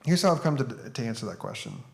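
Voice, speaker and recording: A man's voice: mid-range voice, huge pitch swings, fast, vocal fry. A man giving a conference talk as an author and speaker, conversational and plain-spoken as he tells a story.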